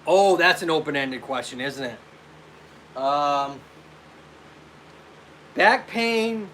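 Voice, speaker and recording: Speaking slowly in a medium, fairly bright voice, a physical therapist runs a relaxed live stream. He calls out viewers by name and takes their questions in loose chat, over a faint hiss or hum.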